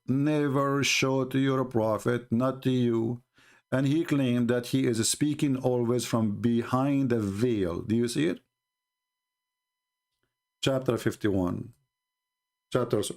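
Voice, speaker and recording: Sarcastic guy, english not his first language, mid-pitched, mocks stuff in squeaky quote voices. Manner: sarcastic, mocking, animated retelling with bursts of laughter; pitch jumps high for mocking quotes. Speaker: religious commentator. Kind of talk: mocking monologue.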